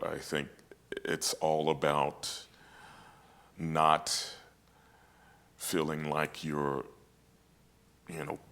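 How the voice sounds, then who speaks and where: Very deep-voiced man, reflective and halting. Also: a bit bright. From United States. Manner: reflective, halting with many restarts. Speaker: opera singer, guest. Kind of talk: casual conversation.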